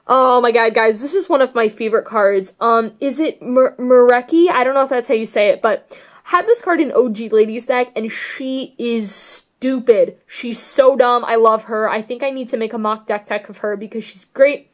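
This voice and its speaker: In a fairly high voice at moderate pace, this young vlogger chats about her card deck. Her deck tech talk is casual and gushing, full of rambling and filler words.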